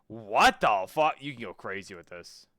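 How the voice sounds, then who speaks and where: A man's voice: on the low side, expressive, normal speed, bright, forceful tone, no room sound, clean studio sound. A man streaming a game, thinking aloud, swearing casually and reading menu text as he goes. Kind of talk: casual let's-play commentary.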